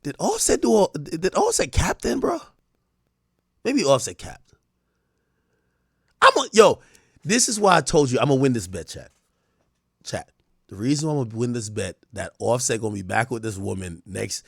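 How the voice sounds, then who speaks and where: A man streaming live, telling crude stories in a casual way, acting out the dialogue and breaking into loud shouts. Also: mid-range voice, moderate pace, vocal fry, long pauses, slightly rough, dry recording, clean studio sound. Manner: animated, crude storytelling that acts out dialogue. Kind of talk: casual livestream commentary.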